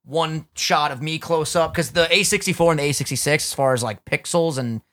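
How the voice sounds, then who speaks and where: A man's voice: on the high side, brisk, sharp tone. A young man co-hosting a casual podcast, joking crudely and swearing as he chats at a studio desk. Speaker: podcast co-host. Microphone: studio mic at a podcast desk.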